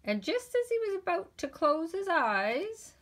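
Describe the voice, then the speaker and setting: A woman reading a children's picture book aloud, slow and expressive. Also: very high-pitched. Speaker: storyteller.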